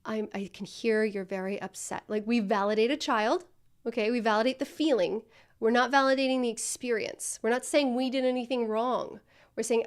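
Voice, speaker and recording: A woman's voice: on the high side, fairly even intonation, moderate pace, clear, resonant tone. A woman coaching a student through customer service role-play, speaking directly and encouragingly.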